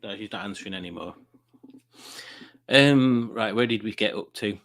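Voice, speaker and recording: A man's voice: fairly low pitch, moderate pace, a bit bright. Jokey man hosting a live stream. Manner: jokey, rambling, chuckling at puns. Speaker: live-stream quiz host. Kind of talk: casual live-stream chat reading out viewer comments.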